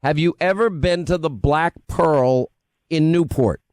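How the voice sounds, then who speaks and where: A man's voice: on the high side, darkish tone, clear, resonant tone, no room sound. A man from Long Island with a New York accent, hosting a talk radio show in casual, bantering style. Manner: brash, bantering, quick to interrupt.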